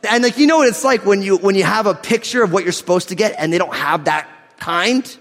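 A man from New Jersey preaching a sermon, mixing scripture reading with animated, joking stories and laughing through his lines. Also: sits high, fairly quick, long reverb tail. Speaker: pastor. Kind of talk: sermon with humorous storytelling.

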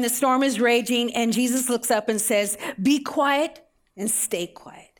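A middle-aged woman preaching a sermon as a pastor, telling the story with everyday examples and rhetorical questions. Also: fairly high pitch.

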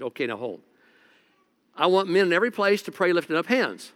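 A lead pastor delivering a laid-back, joking sermon, his speech full of quick restarts. His voice sits a bit high for a man. Each phrase trails into the long reverb of a big church hall. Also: a bit bright. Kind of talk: conversational sermon.

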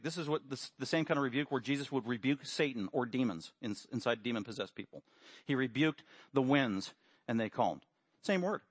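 A man preaching a sermon, animated, acting out quotes with sudden loud emphasis. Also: fairly high pitch, no room sound. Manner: acts out quotes with raised voice.

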